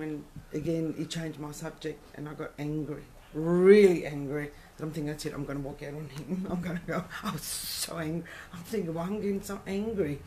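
Woman, lowish voice, earnest, personal account, faint background hiss. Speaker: participant sharing experience.

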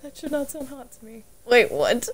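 A woman's voice: on the high side, big pitch swings, normal speed. A woman playing a flustered, nerdy young woman who stammers and giggles in a casual roleplay. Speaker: roleplay player.

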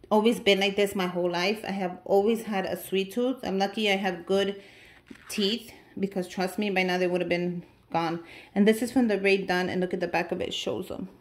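Gushing excitable woman unboxing gifts. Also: medium pitch. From United States. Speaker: vlogger opening mail. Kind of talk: casual unboxing chat to viewers.

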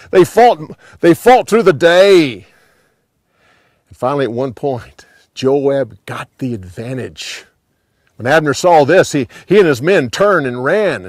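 Animated, slow-telling male Bible storyteller. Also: mid-range voice, husky, dry recording, clean studio sound. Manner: animated, dropping to hushed endings.

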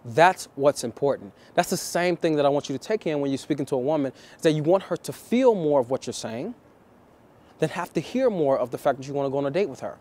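Man, dating coach, vlog, deliberate, repeats phrases, a bit high-pitched. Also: lively intonation, a little mellow. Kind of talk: talking-head coaching vlog.

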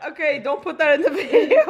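A woman's voice: sits high, lively intonation, normal speed, echoey room, highs cut off, heavy background noise. A young woman joining a vlog as a guest, giggly and squealing. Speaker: guest sibling.

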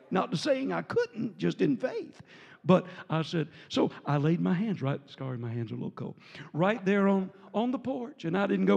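A man preaching a storytelling sermon as a visiting preacher, animated and jovial, breaking into laughter and shouts. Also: high-pitched, normal speed, vocal fry, husky, muffled recording. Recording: reverberant church sanctuary.

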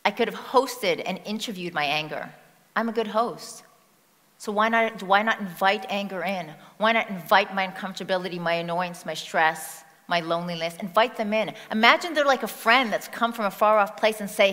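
On stage in a large hall, a woman at a personal-growth conference gives a motivational talk in a medium-pitched, slightly bright voice at a moderate pace. She speaks conversationally and asks the audience questions, and the recording carries the hall's long reverb.

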